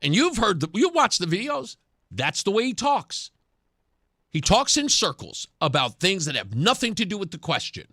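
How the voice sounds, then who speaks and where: A man's voice: sits high, wildly swooping pitch, moderate pace, pushed and bright, dry recording, clean studio sound. A man hosting a talk radio show, giving sarcastic political commentary and laughing often. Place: radio studio.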